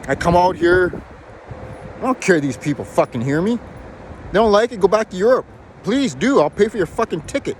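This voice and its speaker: A man's voice: high-pitched, lively intonation, normal speed, long pauses, slight background noise. A man from Canada delivering a heated, profane, defiant rant to camera outdoors. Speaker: video blogger. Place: outdoors in a built-up area.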